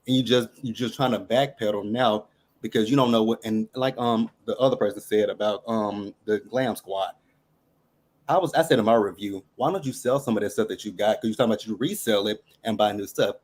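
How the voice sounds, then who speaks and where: A man's voice: lowish voice, a little fast, a little mellow. Emphatic man firing off questions. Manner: emphatic, fires off rhetorical questions. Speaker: caller. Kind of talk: casual chat.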